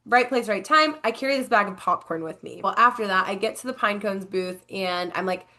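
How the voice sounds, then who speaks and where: A young woman co-hosting a podcast, telling a story in a casual chatty way with lots of fillers and lively quoted voices. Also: mid-range voice, fairly quick. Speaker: podcast co-host.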